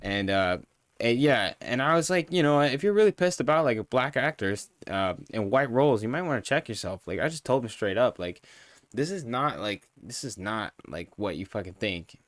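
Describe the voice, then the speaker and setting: Give me a heated, swearing male streamer with a lively, swinging pitch and a dry sound. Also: normal speed, no echo. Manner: profane, heated, rambling. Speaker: streamer reviewing a show. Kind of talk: live-stream rant.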